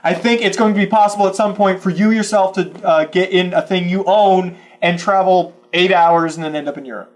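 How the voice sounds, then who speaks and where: A man's voice: sits high, fairly even intonation, a little fast, few pauses. A man co-hosting a casual podcast chat, thinking aloud with many fillers and restarts. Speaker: podcast co-host.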